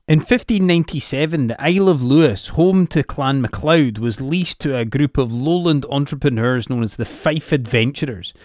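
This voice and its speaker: A man's voice: medium pitch, a little mellow, no echo, studio quality. Sardonic sweary Scottish man. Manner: sweary, sarcastic asides. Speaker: comedic history presenter. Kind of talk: sardonic history narration.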